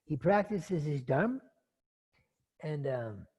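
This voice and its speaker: A man giving a casual dharma talk, rambling through a story with frequent asides. His voice is gravelly and husky, at an ordinary pitch. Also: very animated, takes it slowly, darkish tone. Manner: rambling and conversational, with fillers and asides. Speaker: dharma teacher.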